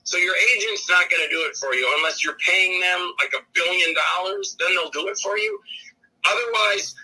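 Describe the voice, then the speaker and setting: Middle-aged guy, kinda husky, punchy bright tone, just rambles on as a guest. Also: high voice, sing-song, moderate pace, rough recording. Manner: rambling, acts out quoted voices. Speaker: guest filmmaker and actor. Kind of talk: animated casual interview talk.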